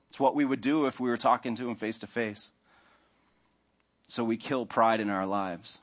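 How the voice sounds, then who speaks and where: A man preaching in a relaxed, conversational way. His voice sits at an ordinary middle pitch, and he slips into short, acted-out inner voices to make his points. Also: normal speed. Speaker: pastor. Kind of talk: sermon.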